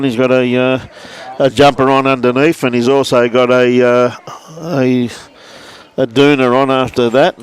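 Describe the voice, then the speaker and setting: A man's voice: mid-range voice, clear, resonant tone. A man with an Australian accent giving casual live commentary on a lawn bowls livestream, chatting and greeting viewers by name between shots.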